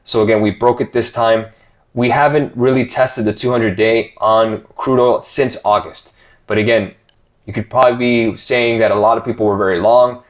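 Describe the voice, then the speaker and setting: A man's voice: lowish voice, highs cut off. A man hosting a casual stock market commentary show, talking loosely with many fillers and reading out viewer questions. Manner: conversational, filler-heavy, reads viewer questions aloud.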